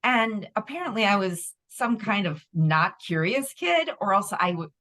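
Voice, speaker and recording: A middle-aged woman co-hosting a podcast in casual chat, expressive and quick to exclaim. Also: medium pitch. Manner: expressive, exclaims, restarts sentences. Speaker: podcast co-host.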